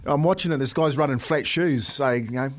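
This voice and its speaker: A man in his thirties co-hosting a sports breakfast show, an animated storyteller who says mate a lot. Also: mid-range voice, brisk. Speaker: sports radio co-host, former player. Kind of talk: casual sports chat, storytelling.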